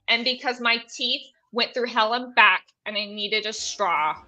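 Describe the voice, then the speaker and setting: Bright, giggly young woman co-host. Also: on the high side, unhurried, low-quality recording. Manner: chatty and giggly, self-deprecating asides. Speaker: paranormal podcast co-host. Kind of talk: casual live-stream chat. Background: faint rock music.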